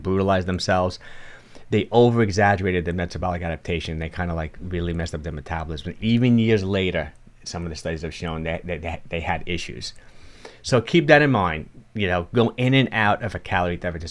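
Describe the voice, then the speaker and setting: Low-voiced New York fitness coach. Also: male voice. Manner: casual and encouraging, frequent restarts. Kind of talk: livestream talk answering viewer chat.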